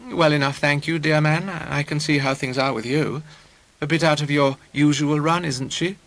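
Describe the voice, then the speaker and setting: A man voicing a poised, mature woman who speaks in a very clear, dry, ironic way. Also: fairly high pitch, fairly even intonation, moderate pace, a bit bright, voice pushed up. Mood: wry. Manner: abnormally clear, dry irony.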